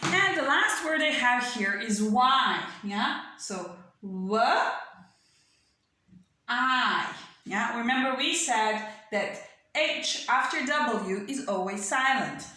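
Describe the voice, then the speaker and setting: A woman teacher with a bright, rather high voice leads a phonics lesson for small children. She talks slowly and patiently, sounds words out letter by letter and keeps checking in with the class. The recording is very echoey, as if made in a bare room. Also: animated, slight background noise. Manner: checks in with frequent "okay?" and "yeah?". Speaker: primary school English teacher.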